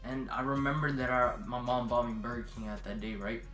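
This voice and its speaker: A man's voice: mid-range voice, brisk, echoey room, soft background music. Young man telling a crude story. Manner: profane, animated, acts out every voice.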